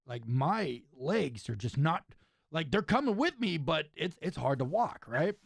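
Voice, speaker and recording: Young male host and wrestler, slightly high voice, dry close recording, animated storyteller. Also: a little slow, vocal fry, dry recording. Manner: animated storyteller, says "right?" and "dude" often. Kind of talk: casual chat, storytelling.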